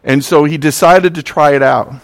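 A man's voice: on the high side, fairly even intonation, normal speed, vocal fry. A man preaching a sermon, telling stories and acting out the voices in them. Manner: preaching with scripture readings and sung verses. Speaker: pastor.

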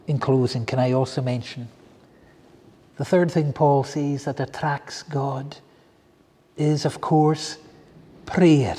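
A man's voice: on the high side, warm tone. A man preaching a sermon in an earnest, pleading way, often repeating phrases. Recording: long hall reverb.

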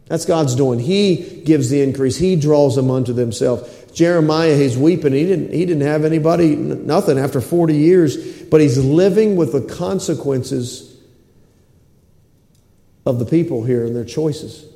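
A man preaching a sermon with passion, repeating phrases and sinking to a low hush at times. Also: moderate pace. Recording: echoey hall with long reverb.

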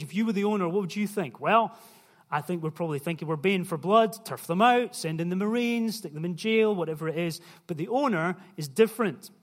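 A young man preaching a sermon in a conversational way, putting questions to the listeners. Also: sits high. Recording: long hall reverb.

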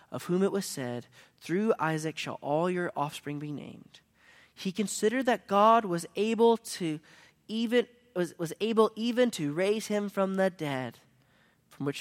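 A man preaching a sermon as a pastor, telling a story that swings between hushed lines and emphatic ones. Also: a little high.

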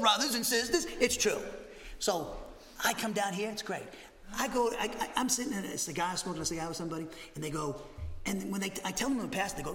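A male pastor from New teaching a Bible lesson, animated and conversational, with jokey asides and frequent "okay?". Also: high voice, fast. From Massachusetts, USA. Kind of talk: expository Bible teaching sermon. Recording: roomy hall reverb.

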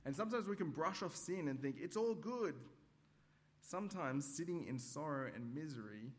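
A man preaching a sermon at a church service, measured and hesitant with frequent ums, acting out everyday examples. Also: fairly high pitch. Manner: demonstrative, acts out examples.

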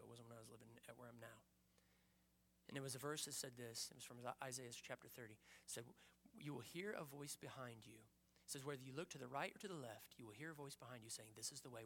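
A man preaching a sermon with passion, rising to urgent peaks and dropping to hushed, quiet stretches. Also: medium pitch, slight background noise. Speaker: pastor.

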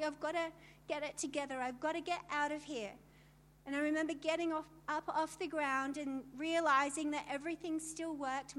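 A middle-aged woman telling her personal testimony to a women's gathering, with vivid storytelling and emphatic asides to the audience. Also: high voice.

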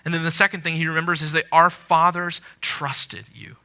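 A man preaching a sermon to a congregation, earnest, swelling loud on scripture quotes and dropping low at the ends of phrases. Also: fairly even intonation, normal speed. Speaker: pastor.

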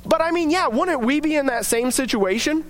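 A young man with a strikingly high voice gives a casual devotional talk. He rambles in a chatty, filler-heavy way as he tells a story and draws a lesson from it. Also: lively intonation, normal speed. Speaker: devotional speaker.

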